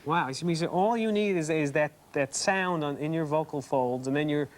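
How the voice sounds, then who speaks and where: A man's voice: fairly high pitch, normal speed, background noise. A man hosting a live television science show, curious and playful, asking follow-up questions. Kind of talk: live TV interview.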